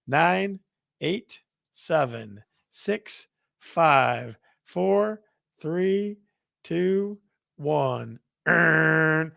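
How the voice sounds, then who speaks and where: A man's voice: fairly high pitch, vocal fry, a bit bright, dry recording, clean studio sound. A man hosting a real estate livestream, chatting playfully, reading viewer comments and counting down contests. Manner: playful, reads out chat, counts down aloud. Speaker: real estate show host. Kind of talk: casual livestream chat.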